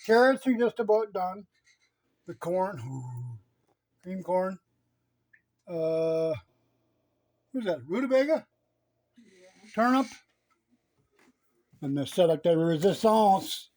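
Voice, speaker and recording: A man's voice: high voice, sing-song, slow, pauses often, darkish tone. A man hosting a casual cooking vlog, chatting as he shows the meal and teasing a pet chicken, often asking "right?". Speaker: outdoors channel host.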